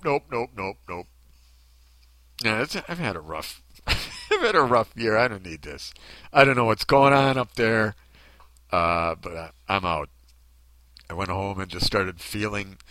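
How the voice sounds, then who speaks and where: A man's voice: deep voice, bright, forceful tone, dry recording, low-quality recording. A man telling a comedic personal story in a rambling way, with laughing asides and frequent restarts.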